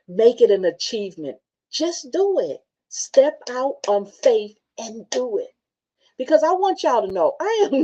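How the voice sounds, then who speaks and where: With lo-fi sound, this clip features a woman whose voice sits on the high side as she hosts a motivational talk show. She reads from her own book and recounts personal stories casually and animatedly, laughing a lot.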